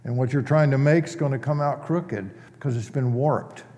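A male pastor preaching in a relaxed, conversational way, asking his congregation questions as he teaches. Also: mid-range voice, moderate pace. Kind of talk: sermon. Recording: long church reverb.

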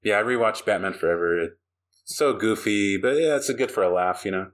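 A man's voice: on the low side, fairly quick. A man hosting a podcast in casual chat, rambling and laughing often. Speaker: podcast host.

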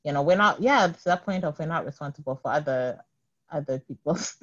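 A woman's voice: sits low, expressive, a little fast, fairly bright tone, dull audio. A young woman co-hosting a radio show, chatting casually, reading out listener messages and often breaking into giggles as she rambles. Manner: giggly, rambling, self-interrupting. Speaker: radio co-host.

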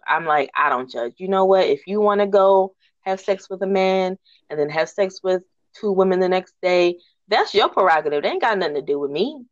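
A woman hosting a podcast, telling rant stories in a lively, slangy, laughing way. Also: mid-range voice, no echo. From northern United States. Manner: animated, slangy, laughing storyteller. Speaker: podcast host. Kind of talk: casual storytelling rant. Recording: dull lo-fi recording.

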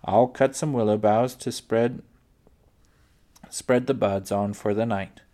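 A man's voice: on the low side, steady tone, takes it slowly, dark tone. A man reading aloud, voicing a cheerful, kind pioneer father who speaks heartily. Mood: hearty.

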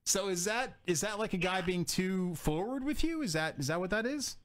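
American male podcast host, rambling and halting, light hiss on the track. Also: high-pitched, animated, a bit bright. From United States. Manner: rambling, halting, many fillers and restarts. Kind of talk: casual interview chat.

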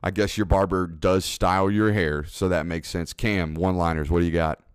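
A man's voice: sits low, steady tone, normal speed, clean tone, no room sound, studio quality. A man hosting a casual podcast chat, laid-back, with lots of fillers and frequent laughter. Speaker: podcast host.

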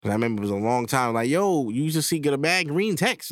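A man's voice: mid-range voice, very animated, dry recording, studio quality. A man, hosting a podcast in a loose, profane solo monologue. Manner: loose, profane, acts out quick back-and-forth voices. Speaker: podcast host. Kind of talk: casual monologue.

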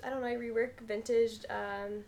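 A woman's voice: a little high, level tone, normal speed, a little mellow. A woman in her twenties, a podcast guest, chatting casually and hedging with fillers. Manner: laid-back, hedging with fillers. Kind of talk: casual chat.

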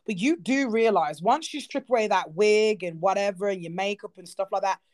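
A woman in a casual podcast chat, animated and playful, laughing often. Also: mid-range voice, fairly quick.

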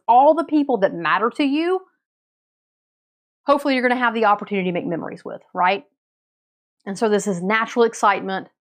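A woman hosting a motivational podcast episode, coaching her listeners with energetic, direct questions. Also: medium pitch. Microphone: podcast mic, also filmed.

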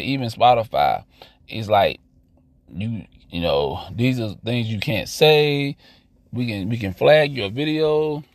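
A man's voice: on the low side, dry recording. Blunt, profane man ranting, dry sound. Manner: blunt, profane, animated, repeats himself. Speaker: podcast host. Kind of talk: casual ranting monologue.

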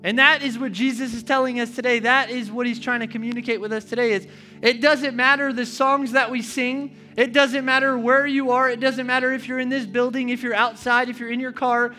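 A man's voice: extremely high pitch, level tone, a little fast, pushed and bright. A young man preaching a sermon in a casual, chatty way, joking and using slang as he retells a Bible story.

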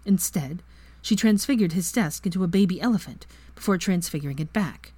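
A woman reading fan fiction aloud as narrator in a steady, even manner. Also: fairly low pitch, brisk, husky, no echo. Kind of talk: story narration.

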